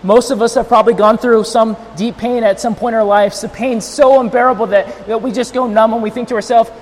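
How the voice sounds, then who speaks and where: A male pastor preaching a sermon, switching between loud, near-shouted emphasis and softer, tender passages while straining his voice without a monitor. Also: high-pitched, fairly even intonation, fast, hardly any pauses, long reverb tail, slight background noise.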